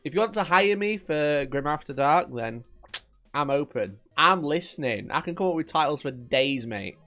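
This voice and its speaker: A man hosting a live wargaming stream, bantering with his viewers and swearing now and then. His voice sits a touch high and swings up and down as he talks. Faint music plays behind him. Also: lively intonation, moderate pace, fairly bright tone. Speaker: wargaming livestream host. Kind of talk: casual live-stream chat.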